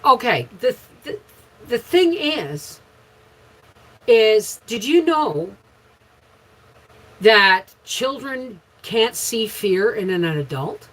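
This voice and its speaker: Husky middle-aged woman, frank and rambling. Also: on the high side, big pitch swings, very slow, long pauses, rough recording. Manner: frank rambling storyteller with sudden loud bursts. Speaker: homestead channel host. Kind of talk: casual livestream chat answering viewers.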